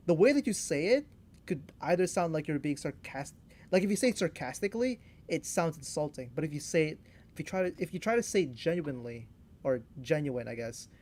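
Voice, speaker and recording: A young man co-hosts a podcast in casual chat, speaking loosely and hesitantly and filling his talk with "like" and "you know." His voice is a little high with a darkish tone.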